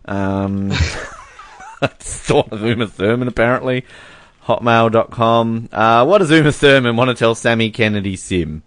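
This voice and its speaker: A man's voice: medium pitch, unhurried, a bit bright, dry recording. A man co-hosting a casual podcast, joking and laughing often as he reads out fan messages. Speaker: podcast co-host. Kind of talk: casual chat.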